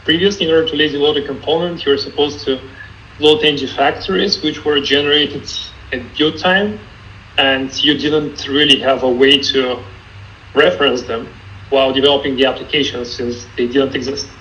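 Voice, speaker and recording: A man calmly answering technical questions as a guest in an online Q&A, explaining step by step. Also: medium pitch, normal speed, highs cut off, slight background noise. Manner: calm, explanatory, some restarts. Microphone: video call.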